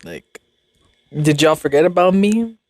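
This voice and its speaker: A woman's voice: sits low, animated, measured pace, darkish tone, dry recording, clean studio sound. A woman voicing her grumpy female house cat, sassy and indignant, demanding food.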